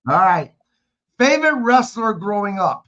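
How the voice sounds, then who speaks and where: A man hosting a podcast, asking his guest questions in a halting way full of restarts. His voice sits fairly high. The audio is a little dull and lo-fi. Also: very animated, pushed and bright. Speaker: podcast host. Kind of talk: casual interview questions.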